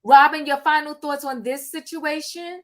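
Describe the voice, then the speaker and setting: A woman hosting a casual online chat show, relaxed and chatty as she moves the panel along. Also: high voice, moderate pace. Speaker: host.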